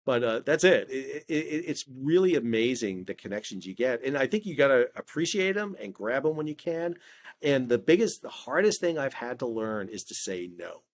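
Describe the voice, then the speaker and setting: A middle-aged man speaking as an interview guest, telling lively anecdotes in a casual conversational way, often restarting his words. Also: mid-range voice, normal speed. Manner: animated storyteller, frequent stammered restarts. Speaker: podcast guest, maritime historian.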